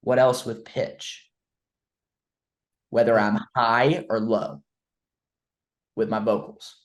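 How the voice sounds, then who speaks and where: A man leading a sales training session, quizzing his trainee and demonstrating changes of pace and loudness as he teaches. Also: on the low side, little pitch movement, slow pace, reverberant, poor audio. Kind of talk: coaching session on voice tonality.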